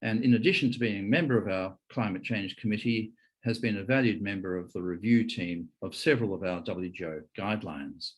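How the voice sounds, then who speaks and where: A man's voice: fairly low pitch, husky, poor audio. A man hosting a webinar, introducing speakers formally with frequent hesitations. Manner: hesitant, many fillers. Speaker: webinar host.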